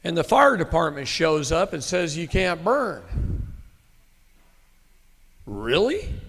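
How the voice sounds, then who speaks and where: A man's voice: a little high, gravelly, fairly bright tone, in a large hall. A middle-aged man telling a story to a live audience in a blunt, folksy, emphatic way, with occasional cursing. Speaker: speaker at a live event. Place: meeting room with an audience.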